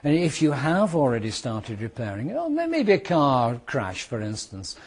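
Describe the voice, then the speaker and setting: A British man teaching a law class to students, explaining with worked examples and repeating key points, sometimes speeding up and sometimes slowing down for emphasis. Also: mid-range voice, huge pitch swings, breathy edge. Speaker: law lecturer. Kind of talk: classroom lecture.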